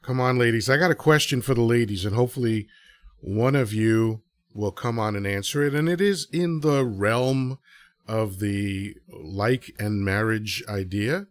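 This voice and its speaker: A man's voice: lowish voice, measured pace, no echo. A man hosting a live audio show, talking casually to listeners and throwing out rhetorical questions. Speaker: podcast host.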